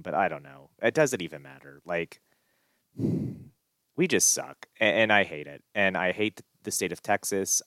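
A man's voice: sits low, fairly bright tone, smooth, dry recording, clean studio sound. A man co-hosting a casual sports podcast, ranting in an exasperated, gloomy way with sighs and restarts. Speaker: podcast co-host.

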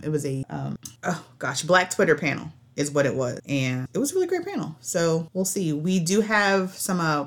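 Low-pitched woman co-host, relaxed and chatty, rambles with fillers. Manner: chatty, laughs often, trails off with fillers. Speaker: podcast co-host. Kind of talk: casual chat.

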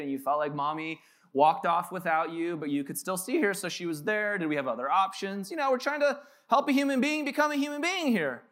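A man's voice: on the high side, a bit bright. A man in his thirties, a pastor telling joking, casual stories in a sermon at a church. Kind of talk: conversational sermon. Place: church sanctuary.

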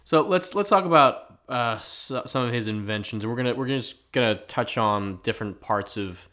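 A man's voice: mid-range voice, normal speed, a bit bright. A man co-hosting a podcast in a joking, casual way, often repeating his words as he starts a sentence. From Philadelphia. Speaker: podcast co-host.

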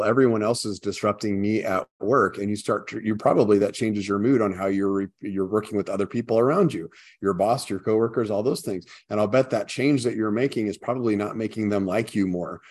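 A man with a somewhat low voice lays out his point in an even, explanatory manner. His delivery is steady and conversational. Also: a little fast, few pauses. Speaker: podcast co-host. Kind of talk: casual conversational discussion.

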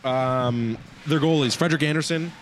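A man hosting a casual hockey podcast, telling animated, jokey stories to his co-hosts. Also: mid-range voice, moderate pace, background noise. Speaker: podcast host. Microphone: desk mic on broken stand.

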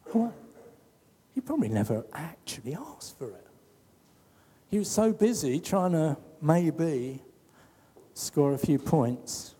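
Brief: man giving a chatty sermon, slow and lively in pitch, echoing hall. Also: husky. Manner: conversational preaching with rhetorical questions. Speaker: preacher.

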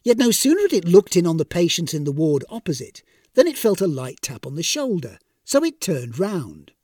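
Wry, lively male storyteller. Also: fairly high pitch, moderate pace, husky, dry recording, clean studio sound. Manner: wry, expressive comic narration. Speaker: narrator. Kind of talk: storybook reading.

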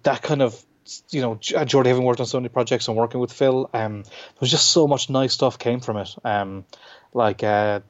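A man's voice: medium pitch, fairly even intonation. An Irish man, a comic book writer, talking casually in an interview, full of restarts and fillers. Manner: halting, many restarts and fillers. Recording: dull lo-fi sound.

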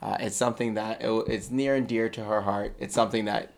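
A man's voice: fairly low pitch, fairly even intonation, fairly quick, vocal fry. A man co-hosting a podcast in casual chat, with a dry, teasing manner. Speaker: podcast co-host.

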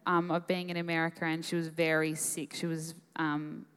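A young Australian woman telling a personal story on a conference stage, emotional and halting, full of fillers. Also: low-pitched, flat delivery, fairly bright tone, clear, resonant tone. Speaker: conference guest speaker. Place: live conference hall. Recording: echoey hall.

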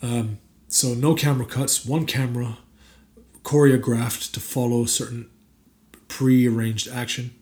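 A man's voice: mid-range voice, level tone, measured pace, darkish tone. A man being interviewed as an actor, chatting casually with many fillers and restarts and bursts of emphatic enthusiasm. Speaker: actor guest.

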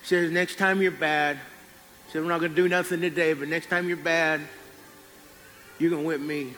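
A man preaching a sermon, telling a folksy personal story and dropping low on quiet lines. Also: fairly even intonation, normal speed, in a large hall.

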